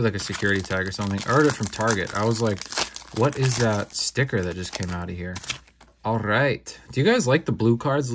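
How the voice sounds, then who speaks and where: A man's voice: mid-range voice, background noise. Laid-back young man opening card packs. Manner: laid-back, slangy, excitable reactions. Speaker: card-opening channel host. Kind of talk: casual unboxing commentary.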